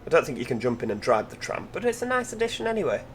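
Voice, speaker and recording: A gaming channel host with a slightly high voice talks very fast and with great animation, commentating enthusiastically on a gameplay video as he drives. He's chatty, full of tag questions, and talks to the in-game passengers along the way. There's a little background noise.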